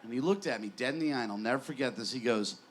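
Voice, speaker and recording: A man's voice: medium pitch, rapid-fire, a little hiss or hum. A man in his twenties doing a stand-up set in a small bar, rambling and self-deprecating with stammered restarts. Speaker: stand-up comedian.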